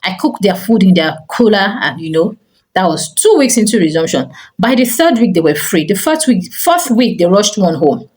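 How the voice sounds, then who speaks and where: A woman's voice: medium pitch, normal speed, rough recording. A middle-aged woman, a teacher and school owner telling a personal story to camera and often saying "you know". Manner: animated storyteller, frequent "you know" fillers. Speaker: teacher and school owner giving parenting advice.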